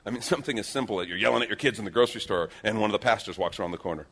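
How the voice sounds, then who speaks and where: A man preaching a sermon, telling stories with lively shifts into acted-out quotes. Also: very fast, slightly rough. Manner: animated storytelling, acts out quotes with big pitch swings. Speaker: pastor.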